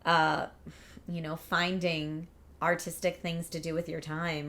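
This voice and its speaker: Chatting casually on her livestream, a woman reads out viewer comments in an upbeat, rambling manner. She speaks in a low, level, slightly bright voice, a little slowly.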